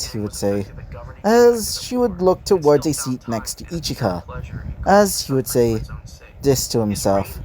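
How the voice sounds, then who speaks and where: A man's voice: mid-range voice, big pitch swings, unhurried, mellow. Rambling man reading a fan story. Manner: rambling, often correcting himself mid-sentence. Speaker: fan fiction narrator.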